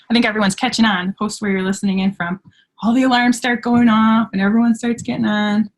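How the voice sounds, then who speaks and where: A woman's voice: a little high, fairly even intonation, fairly quick, rough recording. A woman with an Upper Michigan accent hosting a live team training call over video from her home, chatty and upbeat and often laughing at herself. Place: at home by a window. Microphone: computer on a video call.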